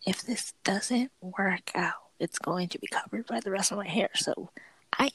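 A woman's voice: mid-range voice, measured pace, a bit bright, husky, no echo, poor audio. A young woman co-hosting a podcast in casual chat, rambling with lots of fillers and giggles. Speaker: podcast co-host.

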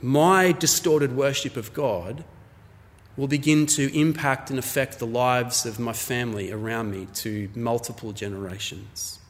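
A man's voice: medium pitch, measured pace, big-room sound. A man preaching a sermon in a conversational, storytelling way, acting out little scenes to make his point. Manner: conversational, storytelling, acts out voices in anecdotes. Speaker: pastor.

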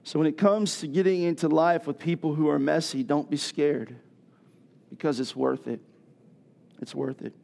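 A middle-aged man preaching a sermon as pastor, animated and building to loud rhetorical questions. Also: on the high side, normal speed, vocal fry.

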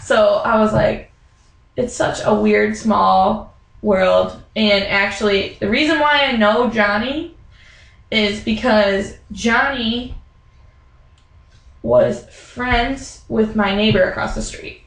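Poor audio with a roomy sound captures a young woman speaking slowly in a medium-pitched voice with vocal fry. She's telling a casual, animated story, imitating the people in it and filling her speech with "like" and "um."

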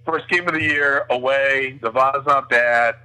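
A man's voice: medium pitch, fairly even intonation, moderate pace, pushed and bright, low-quality recording. A man co-hosting a sports betting podcast, joking and sarcastic, often hesitating and restarting his sentences. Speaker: podcast co-host. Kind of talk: casual sports betting chat.

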